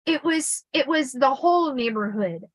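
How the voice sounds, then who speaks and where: A middle-aged woman, hosting a podcast about her life, tells personal stories in a casual chat, laughing often and full of fillers and restarted sentences. Her high, animated voice moves at normal speed, with no room sound but a rough recording.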